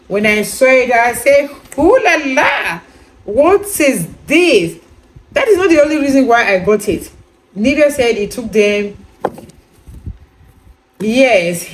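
A woman's voice: mid-range voice, slight background noise, low-quality recording. Chatty woman rambling through a review. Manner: chatty, rambling, with many repeated "you know" fillers; addresses viewers directly, asks if they understand. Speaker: beauty product reviewer. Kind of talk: casual product review vlog.

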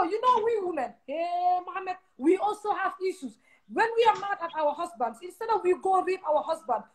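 Gambian woman talking real blunt, high voice, faint hiss behind. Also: poor audio. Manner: blunt and emphatic, mixing in local-language phrases. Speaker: advice giver. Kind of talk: frank casual chat.

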